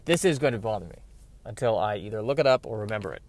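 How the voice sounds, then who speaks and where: A man's voice: on the low side, lively intonation, fast talker, a little hiss or hum. A man doing a solo comedy podcast monologue, rambling and mocking himself while he struggles to remember a name. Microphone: podcast mic.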